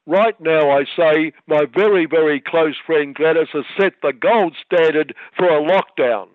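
A man's voice: a little high, a little slow, dry recording, lightly acted. A man mimicking a smug prime minister. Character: smug male prime minister defending his policies. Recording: tinny phone-like line.

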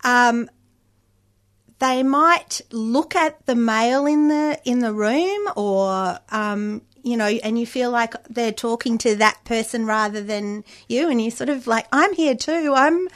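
Slow, hesitant higher-voiced woman. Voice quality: higher-pitched voice. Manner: hesitant, many ums and restarts. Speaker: panel guest. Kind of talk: casual discussion.

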